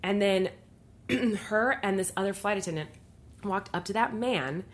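Young woman on a podcast, chatty story, like like like, average pitch. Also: a little slow. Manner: chatty, heavy use of "like", animated retelling. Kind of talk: casual storytelling chat.

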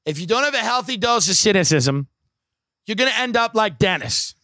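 A man's voice: sits high, animated, brisk, sharp tone, dry recording, clean studio sound. Wry, profane man telling a stand-up story. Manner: wry, profane, rambling with asides. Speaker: comedian.

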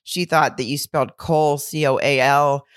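Low-voiced wry woman co-host. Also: fairly even intonation, moderate pace, clear, resonant tone, no echo, studio quality. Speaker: podcast co-host. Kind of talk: casual chat about reality TV.

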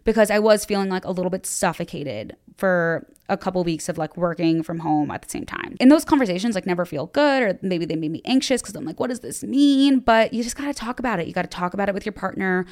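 A woman's voice: on the low side, expressive, quick pace, few pauses, darkish tone. A young woman hosting a podcast, giving casual advice in a candid, self-deprecating way with lots of "like". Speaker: podcast host.

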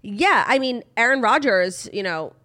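A woman co-hosting a podcast, chatting about celebrity gossip in an animated, opinionated way and saying "like" a lot. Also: on the high side, a little slow. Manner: opinionated, animated, heavy use of "like". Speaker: podcast co-host. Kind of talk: casual celebrity gossip chat.

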